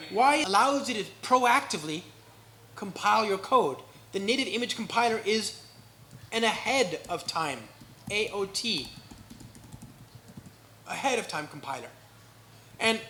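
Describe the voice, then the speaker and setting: A man with an American accent giving a live tech talk at a meetup, energetic and joking, often checking in with the crowd. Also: sits high, reverberant, slight background noise. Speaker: conference speaker. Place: indoor meetup venue.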